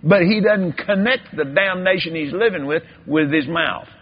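A man's voice: high voice, normal speed, slightly rough. A man preaching a folksy sermon, telling a story and drifting into repetitive, drawling preacherly emphasis. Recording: dull lo-fi sermon recording.

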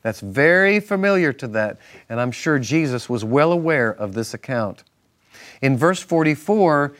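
A man's voice: mid-range voice, lively intonation, unhurried, fairly bright tone. A male minister teaching from the Bible on a Christian talk show, emphatic and repetitive in a preacherly way.

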